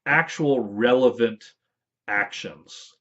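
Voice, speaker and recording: A man's voice: mid-range voice, takes it slowly, a bit bright. A man in casual talk explaining rules for a tabletop game, rambling with fillers and playful asides. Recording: dull lo-fi audio.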